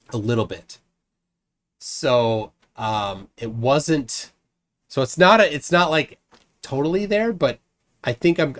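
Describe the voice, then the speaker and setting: A man hosting a casual live stream, reading viewer comments aloud and chatting between them. His pitch swings widely and lively. He rambles, restarts sentences and fills pauses with ums. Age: adult, married. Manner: rambling with frequent restarts and fillers.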